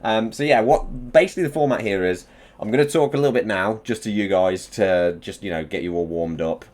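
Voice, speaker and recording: A young man hosting a casual live stream, excitable and swearing as he hypes up his chat before an interview. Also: fairly low pitch, fairly quick.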